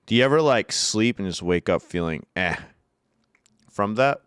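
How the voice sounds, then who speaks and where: A man's voice: fairly low pitch, animated, moderate pace, fairly bright tone, smooth, dry recording, studio quality. A young man from upstate New York chatting casually with his live chat from home, reading out messages and telling loose, profane stories with bursts of laughter. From Syracuse, New York. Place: home room.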